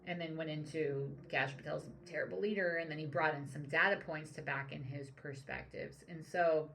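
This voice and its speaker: A woman's voice: low-pitched, fairly even intonation, moderate pace, creaky, a bit bright, a little hiss or hum. A woman coach hosting her own show, analyzing leadership behavior in a reflective, casual commentary style with frequent fillers. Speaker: leadership coach and podcast host. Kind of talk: solo commentary on current events.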